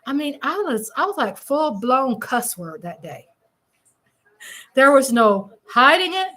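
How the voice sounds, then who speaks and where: A woman's voice: sits high, big pitch swings, unhurried, pushed and bright. A woman hosting a casual live stream from home, chatty and playful, reading out viewer comments.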